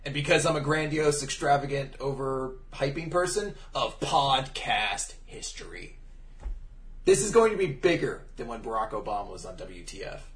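A man's voice: mid-range voice, animated, moderate pace, a bit bright, roomy sound, recorded from a distance. A man co-hosting a casual podcast, crude and hyperbolic, laughing often. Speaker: podcast co-host.

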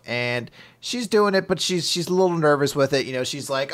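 A man casually recapping a comic chapter as a podcast co-host, acting out characters in high voices and laughing often. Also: normal speed, few pauses, fairly bright tone. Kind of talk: casual chat, animated retelling.

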